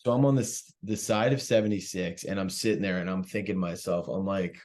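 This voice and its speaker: A man telling a profane, animated story in casual chat and acting out what people said. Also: low-pitched, quick pace. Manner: animated, profane, acts out quotes. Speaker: comedian guest.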